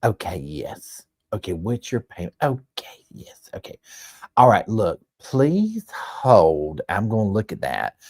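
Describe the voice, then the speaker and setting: A man's voice: on the low side, wildly swooping pitch, a little slow, dry recording, studio quality, exaggerated voice. A man voicing a sweet, polite Southern small-town woman who answers the office phone and keeps saying "please hold.".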